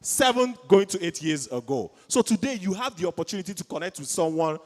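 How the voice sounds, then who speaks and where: Brief: Igbo-accented Nigerian emcee, high-pitched, hyped crowd-rouser, reverberant event hall. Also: male voice, expressive, a little fast. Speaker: event co-host. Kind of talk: live event hosting.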